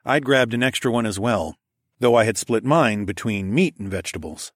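Low-voiced male audiobook narrator. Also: moderate pace, dry recording, clean studio sound. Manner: steady, even storytelling. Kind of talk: first-person scripted narration.

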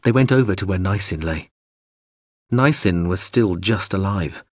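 A man reading an audiobook in steady, measured scripted narration. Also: sits low, no echo, studio quality.

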